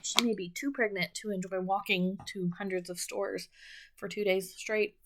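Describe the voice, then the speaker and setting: Counting bills half under her breath, a middle-aged budgeting host breaks off for casual asides in her video. She speaks at a medium pitch and normal speed, her tone steady.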